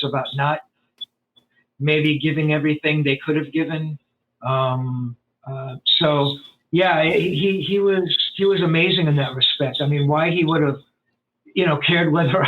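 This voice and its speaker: A man's voice: fairly high pitch, a little hiss or hum. Man on a tinny phone line, rambling. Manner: rambling, animated, many fillers and restarts. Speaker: podcast guest. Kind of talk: storytelling in a casual interview.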